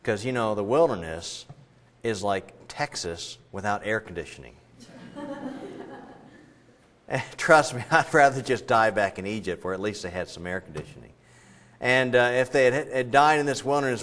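Lively, joking male preacher. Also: lowish voice, normal speed, long pauses. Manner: conversational, joking, lively storytelling. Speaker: pastor. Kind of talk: sermon.

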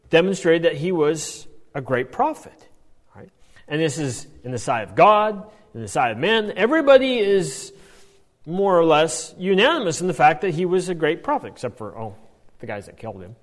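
Guy teaching a bible study, kinda high voice, keeps going "right?", long hall echo. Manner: animated, keeps checking in with "right?".

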